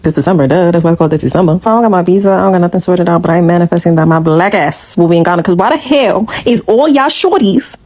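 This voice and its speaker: A woman's voice: fairly low pitch, fast talker, hardly any pauses, a little mellow. A woman talking to camera in a sassy, joking way. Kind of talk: casual selfie video.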